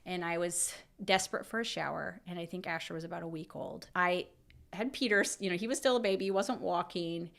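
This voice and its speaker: A woman in her thirties, a podcast co-host, telling a personal story in casual chat, emotional and lively, quoting her own thoughts aloud. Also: lowish voice, fairly quick, gravelly.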